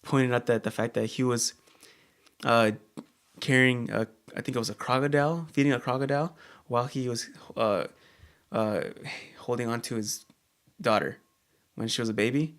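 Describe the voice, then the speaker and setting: A man co-hosting a casual chat show, talking in a halting way with many fillers and restarts. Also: mid-range voice. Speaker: co-host.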